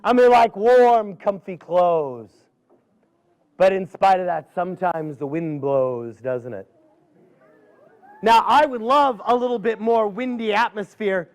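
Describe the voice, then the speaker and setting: A man storyteller telling a folksy tale to a live audience, dramatic and drawing out his pauses. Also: sits high.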